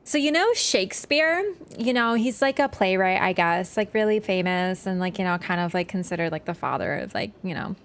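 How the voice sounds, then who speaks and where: A woman's voice: medium pitch, lively intonation, moderate pace, fairly bright tone, clean tone. A woman voicing a ditzy young Valley Girl who stuffs every phrase with "like" and trails off dismissively. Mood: airy, dismissive. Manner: drawling, every phrase filled with "like".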